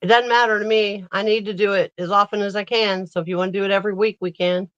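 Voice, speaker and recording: A woman's voice: mid-range voice, fairly even intonation, quick pace, fairly bright tone, dry recording. An older woman co-hosting a live stream sale, chatting in an easygoing, plainspoken way and joking about herself. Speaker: co-host vintage vendor. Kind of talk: casual chat on a live stream. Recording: slightly dull lo-fi audio.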